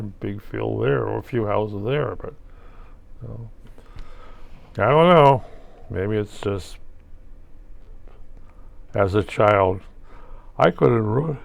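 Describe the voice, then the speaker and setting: A man's voice: fairly low pitch, vocal fry. An older man rambling through a solo monologue, asking himself questions and answering them with wry asides. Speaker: vlogger.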